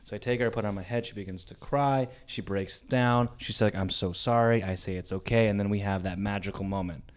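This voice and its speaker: A young man co-hosting a comedy podcast, telling a personal story in a loud, animated way, swearing freely and dropping to a hush for the tender parts. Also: fairly low pitch, brisk, few pauses. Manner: animated, swears a lot, swings from loud to hushed. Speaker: podcast co-host.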